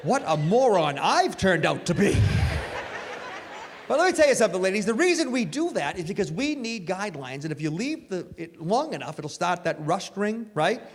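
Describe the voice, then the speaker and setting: Animated high-voiced male stand-up comic. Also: moderate pace. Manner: animated, self-mocking storytelling. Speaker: stand-up comedian. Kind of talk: stand-up comedy set. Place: live comedy venue. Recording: live stage with hall reverb, faint noise.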